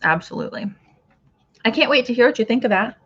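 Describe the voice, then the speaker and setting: A woman's voice: a little high, expressive, fast talker, a bit bright, slightly rough, dull audio. A woman hosting a casual craft livestream, chatting with viewers and reading out their comments as she goes. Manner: chatty, reads out viewer comments, trails off and restarts.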